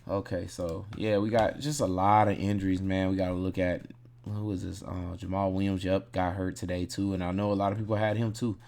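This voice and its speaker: A man's voice: deep voice, little pitch movement, brisk, creaky, a little mellow. A man casually breaking down fantasy football picks, thinking aloud in a laid-back, rambling way and correcting himself as he goes.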